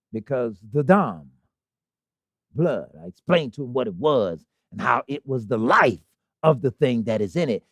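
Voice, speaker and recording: Lively preaching man. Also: mid-range voice, moderate pace, no echo. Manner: preaching with rhetorical questions and call-and-response. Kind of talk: sermon. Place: congregation hall.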